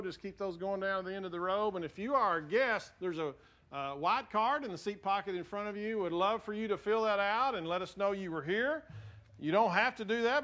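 High-voiced, folksy pastor. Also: male voice, fairly bright tone. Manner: folksy, joking, loose and conversational with fillers. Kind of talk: sermon. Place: church sanctuary.

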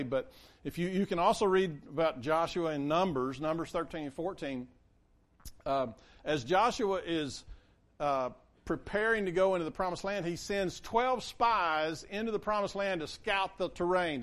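Animated man preaching. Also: a little high. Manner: conversational, animated, acts out quotes. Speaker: pastor. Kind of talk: sermon.

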